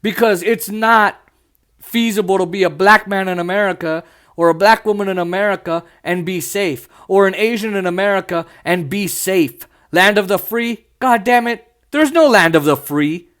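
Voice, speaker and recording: Impassioned high-voiced male podcast host. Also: moderate pace, a bit bright. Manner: impassioned, blunt, mocking asides. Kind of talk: solo podcast commentary.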